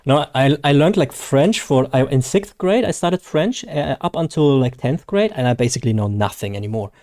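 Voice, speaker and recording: A man's voice: mid-range voice, expressive, normal speed, darkish tone. A man with a German accent chatting casually and rambling to viewers on a live game stream, his first language German. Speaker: gaming streamer.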